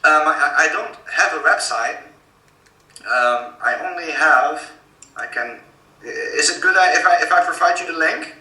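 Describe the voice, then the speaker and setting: A man's voice: on the high side, unhurried, bright, forceful tone. A man with a Dutch accent giving earnest, urgent warnings in a remote interview, with many fillers. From Netherlands. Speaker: guest. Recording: roomy, distant call audio.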